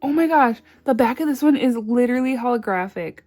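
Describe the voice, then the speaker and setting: A woman chatting casually in her vlog, bubbly and excitable, gasping and squealing over packages. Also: a little high, moderate pace, soft background music. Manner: murmured counting of cash. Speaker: budgeting vlogger.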